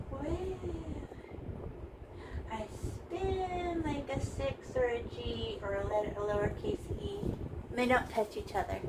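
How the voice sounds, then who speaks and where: A woman's voice: a little high, far from the mic, noisy background. A woman teaching a painting lesson in a chatty, playful way, talking through every brushstroke. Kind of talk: casual painting tutorial.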